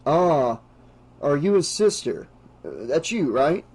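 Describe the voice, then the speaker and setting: A man's voice: fairly high pitch, sing-song, slow, a little mellow, breathy edge, heavily acted. A man voicing an easygoing teenage boy in an audiobook, hesitant and full of fillers. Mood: casual.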